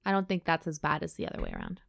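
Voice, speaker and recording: A young woman with a slightly low voice, chatting casually as a podcast co-host. She recaps a book's plot in loose run-on sentences full of "like". Her voice sounds close and dry, with little room sound. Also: big pitch swings, very fast, creaky, dry recording. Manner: recaps a book with lots of "like" and laughter. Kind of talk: casual chat.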